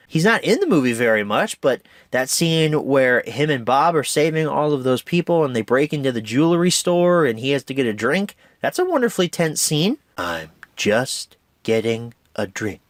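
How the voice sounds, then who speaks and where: A man's voice: mid-range voice, no room sound, studio quality. A man giving a casual, enthusiastic movie review in a chatty, rambling way. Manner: chatty, enthusiastic, with restarts and laughs.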